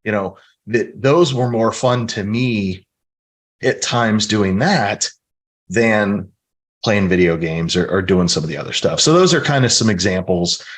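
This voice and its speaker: A man's voice: on the low side, a little slow. A middle-aged man from the American Midwest, earnestly telling stories from his life as a guest in a casual podcast interview. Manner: earnest, storytelling, reflective.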